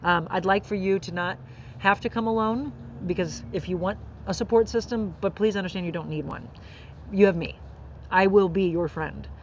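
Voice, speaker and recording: A woman's voice: mid-range voice, normal speed, a little mellow, lo-fi sound, a little hiss or hum. A middle-aged woman hosting a podcast, telling a heartfelt personal story in an earnest, emotional way and laughing through tears. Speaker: podcast host.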